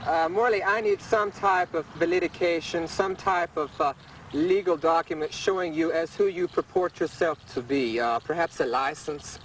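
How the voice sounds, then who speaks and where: A man's voice: fairly high pitch, normal speed, fairly bright tone, lightly acted. A man playing an eccentric cabbage tycoon who puts on a fake German accent and talks in a pompous, self-important way, in an amateur 1970s mockumentary. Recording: distant, noisy 1970s field recording.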